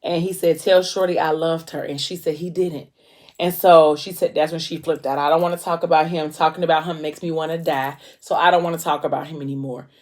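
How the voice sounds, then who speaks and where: A woman's voice: deep voice, steady tone, fairly quick. A woman with casually retelling a novel's plot, filling her talk with ums and briefly acting out the characters' lines. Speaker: book vlogger recapping a novel. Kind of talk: casual book recap.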